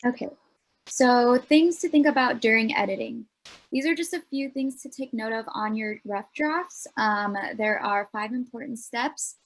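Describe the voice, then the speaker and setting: A woman's voice: on the high side, measured pace. Young woman presenting a speech workshop. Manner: earnest, explanatory, with frequent ums.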